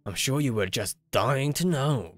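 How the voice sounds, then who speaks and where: A man playing a sulky, rebellious teenage boy from a dating game, who answers with grumbling sarcasm. The voice sits close to the actor's own, with an Australian accent and lively rises and falls. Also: medium pitch, unhurried, lightly acted.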